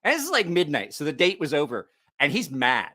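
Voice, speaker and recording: Animated man telling a bar story. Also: a little high, brisk. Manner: animated, laughing, profane storytelling. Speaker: knife channel host. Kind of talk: casual storytelling chat.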